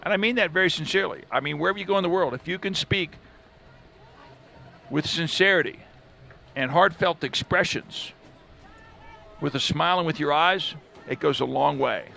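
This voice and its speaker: A man's voice: a little high, moderate pace, vocal fry, long pauses, sharp tone. A man calling a live football match from a commentary booth, chatting between plays. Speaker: play-by-play commentator. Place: stadium commentary booth with air conditioner.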